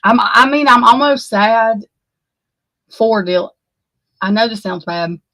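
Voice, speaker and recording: A woman's voice: a little high, animated, slow pace, fairly bright tone, dry recording, low-quality recording. A woman giving unscripted true crime commentary, heated and emphatic, swearing freely and repeating herself. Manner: heated, profane, emphatic and repetitive.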